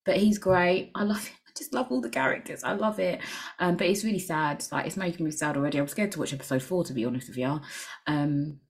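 Young woman, podcast host, lowish voice, candid, crude humor, rambling. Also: quick pace. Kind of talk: casual solo podcast chat.

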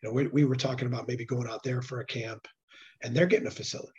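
Man, hoarse voice, earnest casual interview talk, muffled lo-fi sound. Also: medium pitch, steady tone, racing. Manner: earnest, with frequent restarts and fillers. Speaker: nonprofit executive director. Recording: dull lo-fi sound.

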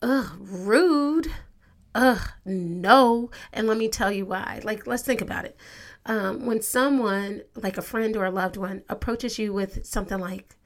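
Female podcast host, upbeat and conversational, addresses listeners directly, medium pitch. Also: steady tone, normal speed. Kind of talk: motivational podcast monologue.

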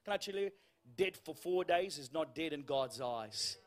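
A man preaching a sermon in a church, telling a funny story and acting out the lines of the people in it, with quoted voices sinking to a hush. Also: fairly high pitch, lively intonation, moderate pace. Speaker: guest preacher.

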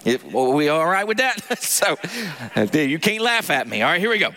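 A Southern US pastor preaching with a high, lively voice that swings up and down as he calls for the congregation's replies. He keeps a bright, forward tone and drops in jokes about himself. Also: normal speed. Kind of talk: sermon.

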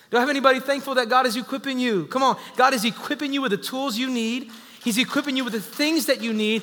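A man with a high, bright voice preaches to his congregation, calling out to them with lively energy. His voice rings through a church hall with a long echo. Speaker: pastor. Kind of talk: sermon. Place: church sanctuary. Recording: echoey hall.

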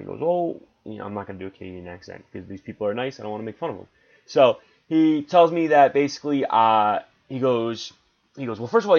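A man hosting a podcast, telling a travel story in a chatty, rambling, self-deprecating way with lots of asides. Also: mid-range voice. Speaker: podcast host. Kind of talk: casual storytelling monologue. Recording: slightly dull lo-fi audio.

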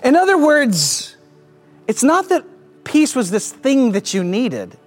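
A pastor preaching a sermon with emphatic delivery and rhetorical questions, swinging from raised to hushed. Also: medium pitch, sing-song, measured pace, long pauses, faint music behind. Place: church stage with slides behind.

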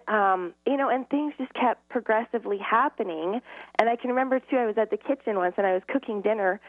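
A middle-aged woman with a fairly high voice tells stories earnestly as a guest in a casual interview. She acts out dialogue and laughs a lot, and the phone-line audio is tinny and dry.

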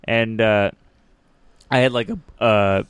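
A man's voice: fairly low pitch, steady tone, slow pace, clean tone, no echo. Male podcast co-host, chatty storyteller, close dry mic. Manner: rambling storyteller, laughs often. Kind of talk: casual chat.

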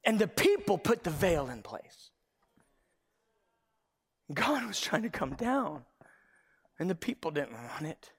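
A male pastor with a high-pitched voice delivers a lively sermon, acting out the figures of the story and shouting in places. His voice rings through a church hall with a long reverb tail. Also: takes it slowly, pauses often, husky. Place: church sanctuary.

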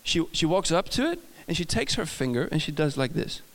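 A man with a Swedish accent delivers a sermon in a higher register, stumbling over words and circling back with restarts. His voice carries a long reverb, as if filling a large church hall. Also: very animated, fairly quick. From Sweden. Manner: storytelling with frequent restarts and self-laughter. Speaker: preacher.

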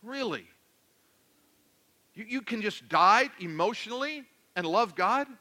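A male pastor preaching a sermon, animated and joking, swinging between loud declarations and hushed asides. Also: sits high, a little slow.

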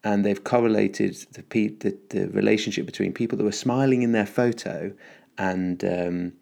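Upbeat podcast host, very low voice with gravelly fry, rambling and full of ums. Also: male voice, fairly even intonation, moderate pace, darkish tone. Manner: rambling, upbeat, many fillers and restarts. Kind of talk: casual solo podcast monologue.

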